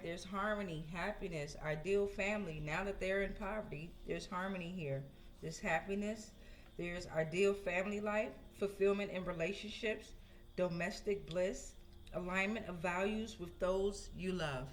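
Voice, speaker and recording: A woman with a fairly low voice gives a casual tarot reading, chatting with her viewers and frequently tagging on "right?". There's slight background noise.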